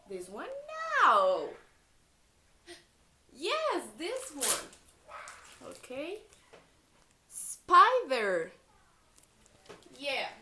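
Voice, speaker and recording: Woman teacher, slow and bright. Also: a little high, slight background noise. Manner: slow, repeating sounds for children to echo; switches between English and Spanish. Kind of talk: phonics lesson for young children.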